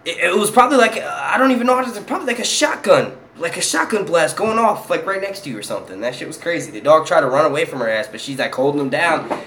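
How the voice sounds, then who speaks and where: A man's voice: fairly high pitch, big pitch swings, fast talker, fairly bright tone, slight background noise. A young man from Philadelphia, hosting his own channel and chatting casually, profane and rambling, laughing often. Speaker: YouTube channel host. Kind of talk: casual live stream chat.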